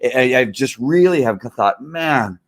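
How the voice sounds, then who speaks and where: Guy hosting a livestream, a cop, normal pitched voice, earnest, keeps stopping and restarting sentences. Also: expressive. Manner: earnest and halting, with frequent restarts. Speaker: host and police officer. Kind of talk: livestream commentary.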